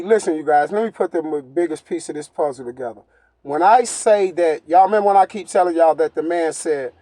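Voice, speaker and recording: Man, online commentator, high voice, emphatic and repetitive, dry close sound. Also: dark tone, dry recording. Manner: emphatic and repetitive, keeps addressing the audience. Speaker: YouTube commentator. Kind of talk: ranting commentary to viewers.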